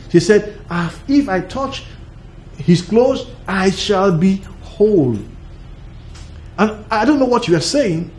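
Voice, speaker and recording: A man's voice: sits high, a little mellow. A man preaching a broadcast sermon, emphatic and repetitive, stacking up short phrases with the odd laugh.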